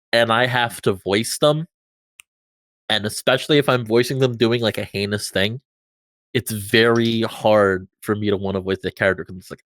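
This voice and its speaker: A man's voice: medium pitch, no echo. A man co-hosting a podcast about visual novel narration, chatting casually, laughing often as he tells stories. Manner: laughs often, animated storytelling. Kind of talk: casual chat.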